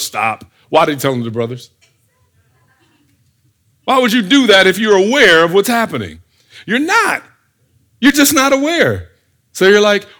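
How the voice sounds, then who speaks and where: A man's voice: sits high, moderate pace, pauses often. A man preaching a sermon, firing rhetorical questions and acting out the scenes he describes. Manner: animated, fires rhetorical questions, acts out scenes.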